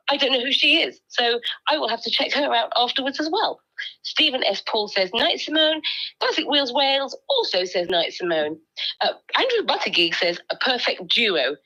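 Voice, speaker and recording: Bright, lively woman chatting playfully. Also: high voice, breathy edge, dull audio. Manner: playful, giggly, lots of ums. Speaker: livestream co-host reading comments. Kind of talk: casual livestream chat.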